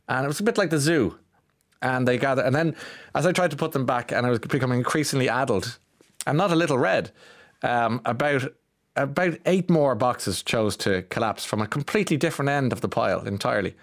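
A man's voice: mid-range voice, animated, brisk. A man with an Irish accent hosting a morning radio show, rambling and self-mocking as he tells stories and reads texts. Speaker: radio host. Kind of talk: chatty morning radio talk.

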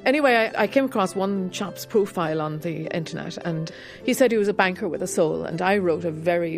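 A woman who teaches harp, talking candidly and reflectively in a radio interview, with soft laughs. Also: fairly low pitch, a little fast, hardly any pauses, soft background music. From Ireland.

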